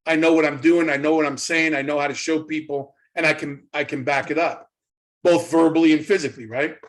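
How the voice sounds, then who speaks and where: A middle-aged man, a guest in an interview, telling a story in a casual, animated way, often repeating his words as he goes. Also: a little high, fairly quick. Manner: animated retelling, acts out quoted voices, repeats words. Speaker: interview guest, former wrestling trainer.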